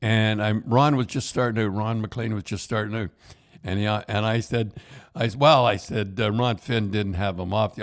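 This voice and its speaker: Brief: older Canadian man, low voice, rambling hockey yarns, lots of restarts. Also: normal speed. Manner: rambling, repeats and restarts, says "eh". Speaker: podcast host. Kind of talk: casual hockey storytelling.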